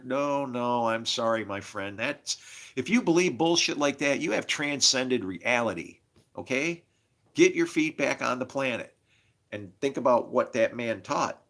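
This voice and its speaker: Gravelly man ranting in a personal monologue. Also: medium pitch, fairly bright tone. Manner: agitated, profane, jumps between stories. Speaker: self-made video host.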